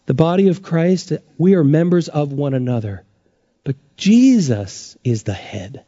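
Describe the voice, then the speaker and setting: Male pastor, sermon, high lively voice, emphatic swings, dry dull recording. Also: a little slow, no echo. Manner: animated preaching, pitch rising and dropping sharply for emphasis.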